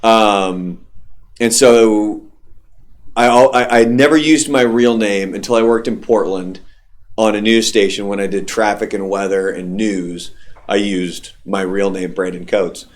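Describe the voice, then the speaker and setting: A man's voice: lowish voice, fairly even intonation, measured pace. Loose, profane male radio host. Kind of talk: casual podcast chat.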